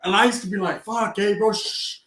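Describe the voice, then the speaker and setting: A man's voice: high-pitched, steady tone, fast, a bit bright, roomy sound. A man telling prison stories in casual, profane, streetwise chat, laughing as he goes. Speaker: podcast co-host.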